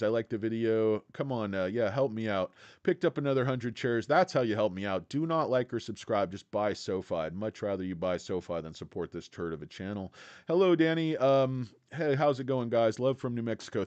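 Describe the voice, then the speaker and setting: A man's voice: lowish voice, a little mellow, no room sound. A man hosting a casual stock livestream, talking bluntly and joking with chat viewers between points. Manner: blunt, brash, jokey, greets chat viewers. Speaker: livestream host.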